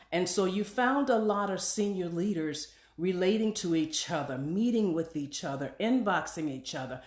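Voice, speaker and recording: A woman's voice: fairly low pitch, reverberant. A woman who is an executive pastor, preaching a sermon to her congregation with repeated questions and call-and-response phrases.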